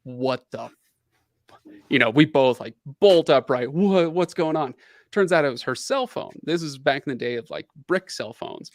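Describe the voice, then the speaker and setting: A middle-aged man hosting a casual livestream, telling a long personal story in an animated way, laughing often and leaning on fillers. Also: medium pitch, normal speed, no room sound, clean studio sound. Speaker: livestream host.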